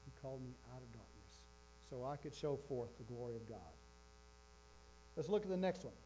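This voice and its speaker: A man's voice: mid-range voice, lively intonation, normal speed, warm tone. A man preaching a sermon with emphasis, repeating his key phrases. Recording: dull lo-fi with faint electrical hum.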